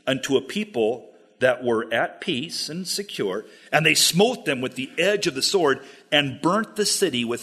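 A man's voice: medium pitch, a bit bright, breathy edge. A man preaching through scripture verse by verse and paraphrasing it in wry, casual terms. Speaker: pastor. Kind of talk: expository sermon.

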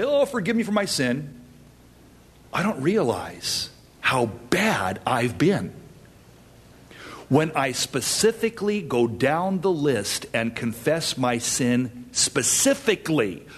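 Man preaching from the pulpit, earnest and emphatic, slightly husky. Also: on the high side, fairly bright tone. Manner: earnest preaching with dramatic pauses and rising emphasis. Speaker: pastor. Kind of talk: sermon.

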